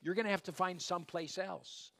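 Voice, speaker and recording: Man putting on a gruff boy innkeeper, rough harsh voice, high and loud. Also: fairly even intonation, a little fast, heavily acted.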